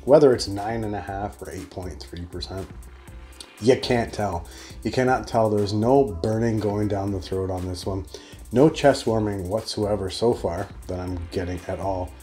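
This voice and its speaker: A man's voice: fairly low pitch, normal speed, dark tone, soft background music. A man giving a chatty, rambling solo beer review.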